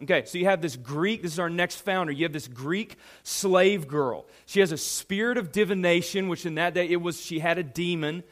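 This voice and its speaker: A male pastor preaching with a fairly high voice. He swings between loud emphasis and quiet asides, speaking straight to a congregation of young people. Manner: animated, emphatic preaching with pauses; addresses a youth audience directly. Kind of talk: sermon.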